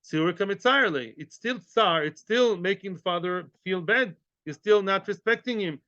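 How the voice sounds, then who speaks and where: A man's voice: high-pitched, moderate pace, bright, forceful tone, no echo. A man teaches a daily Talmud class, mixing in Hebrew and terms and asking his listeners questions. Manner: explains in English mixed with Hebrew and Yiddish terms, asks the class questions. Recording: dry, dull lo-fi audio.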